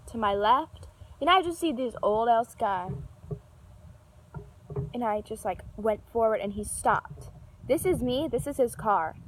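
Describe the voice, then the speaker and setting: Young woman, casual storytime vlogger, chatty and rambling, slightly high voice, swears freely. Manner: animated, yells when reenacting an argument; lots of filler and restarts, swears casually.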